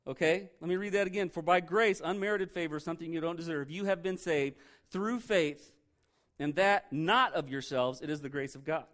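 Man, pastor, sermon, slightly high voice, animated, humorous, rhetorical questions. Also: moderate pace.

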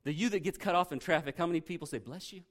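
A pastor delivering a sermon in an animated, conversational way, his voice sitting a little higher than most men's. He jokes and throws rhetorical questions at his congregation as he reads and unpacks scripture. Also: very fast.

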